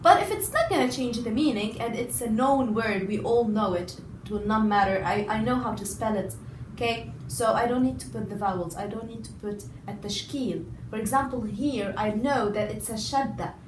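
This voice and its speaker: A woman language teacher explaining a lesson patiently, repeating words slowly and stressing each syllable. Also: on the high side, background noise. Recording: echoey room, voice a bit far from mic.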